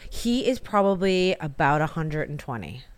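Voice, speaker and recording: A woman hosting a podcast in casual chat, laughing often and reacting quickly. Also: low voice, big pitch swings, smooth. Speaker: podcast host.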